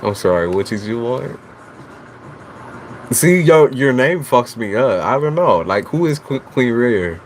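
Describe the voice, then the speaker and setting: This man hosts a live tarot stream, speaking at a medium pitch in an animated yet unhurried way. He chats casually and straight to his viewers, teasing them and swearing freely, with slight background noise behind him.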